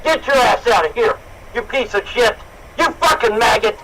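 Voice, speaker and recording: A man shouting and cursing in a furious confrontation. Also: very high voice, animated, moderate pace, heavy background noise. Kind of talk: angry livestream confrontation.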